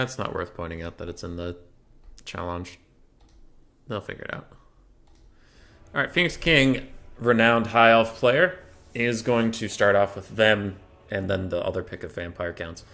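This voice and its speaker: A man's voice: fairly low pitch, fairly bright tone. A young man casting a strategy game tournament, chatty and joking as he thinks aloud about the matchups. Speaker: tournament caster. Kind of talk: casual game commentary.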